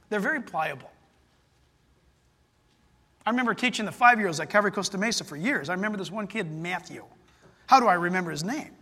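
A man preaching a sermon as pastor, telling stories in an animated way with loud excited bursts. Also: high-pitched, long reverb tail.

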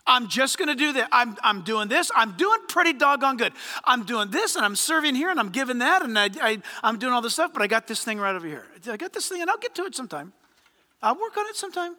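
A man's voice: very high-pitched, sing-song, fast, bright, forceful tone, full character voice. A man voicing a self-satisfied rich young man who rambles and excuses himself, repeating his words. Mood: defensive.

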